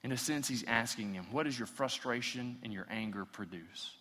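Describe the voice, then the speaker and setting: A man's voice: medium pitch, normal speed, bright, forceful tone, in a large hall. A man preaching a sermon, reading scripture aloud and acting out the quotes as his intensity builds. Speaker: pastor.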